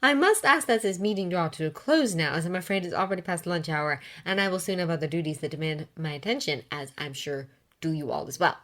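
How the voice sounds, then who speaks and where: Woman reading as a brisk vice chancellor. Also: fairly low pitch, fairly bright tone, close to an everyday voice.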